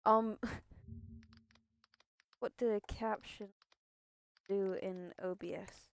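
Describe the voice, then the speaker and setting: A woman's voice: medium pitch, steady tone, extremely slow. A young woman streaming live, chatting in a rambling, nervous way, repeating herself and swearing, a bit out of breath. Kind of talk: casual live-stream chat.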